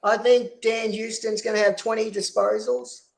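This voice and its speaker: Woman, fan guest, short repeated answers, high voice. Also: level tone, moderate pace, vocal fry. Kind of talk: casual live stream chat.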